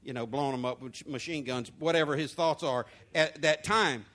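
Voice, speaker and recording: A male pastor preaching a sermon, moving between quiet asides and loud, emphatic points. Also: mid-range voice, normal speed. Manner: lively preaching with swings from soft to loud.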